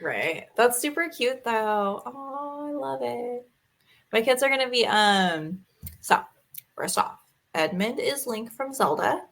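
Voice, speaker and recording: Chatty mom, animated, high voice. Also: female voice, takes it slowly, vocal fry. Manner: animated storytelling, swearing, acts out her kids' voices. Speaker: podcast co-host. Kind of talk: casual chat.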